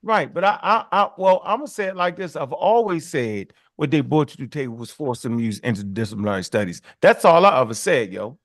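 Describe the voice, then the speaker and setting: A man's voice: fairly high pitch, lively intonation, a little fast, hardly any pauses, no room sound, studio quality. A man co-hosting a podcast, arguing emphatically in casual chat and ending lines with "yo". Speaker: podcast co-host. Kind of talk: heated casual debate.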